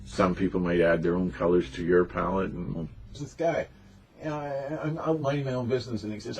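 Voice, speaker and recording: A man's voice: low voice, fairly even intonation, fairly quick, a little mellow. A man delivering a rambling, emphatic, unscripted monologue in a conspiratorial tone as a spiritual channel host.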